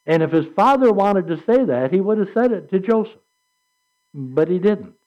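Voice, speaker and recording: A man preaching a sermon with an animated delivery, reading scripture aloud and acting out quotes. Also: high voice, normal speed. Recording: dull lo-fi recording.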